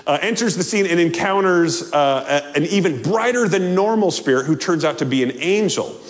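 A man preaching a sermon as a pastor, playful and animated, acting out scenes as he goes. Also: fairly high pitch. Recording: long hall reverb.

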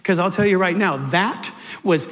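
A male pastor telling a personal story in an animated, emotional sermon, ending in prayer. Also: high voice, normal speed, big-room sound. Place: church sanctuary.

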